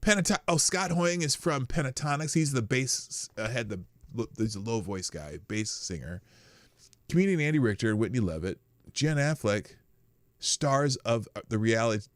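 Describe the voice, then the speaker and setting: A man's voice: medium pitch, animated, normal speed, dry recording. A man hosting a casual morning live stream, chatting wryly and greeting viewers in the chat by name.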